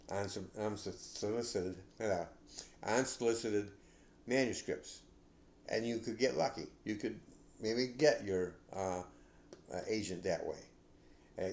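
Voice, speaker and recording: An older man hosting a podcast, giving casual advice in a rambling, halting way with many restarts. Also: on the low side, darkish tone, roomy sound. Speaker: podcast host.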